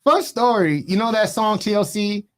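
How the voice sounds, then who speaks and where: A young man with a slightly high voice hosts a podcast in a studio, spinning stories in casual, slang-heavy chat. He talks in an animated way and keeps the anecdote rolling. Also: moderate pace. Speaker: podcast host.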